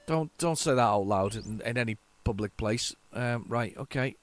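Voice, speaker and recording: A man hosting a retro gaming channel, giving chatty, excitable gameplay commentary with jokey, self-mocking asides to his viewers. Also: medium pitch, moderate pace, few pauses. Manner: excitable, chatty, talks to viewers while playing.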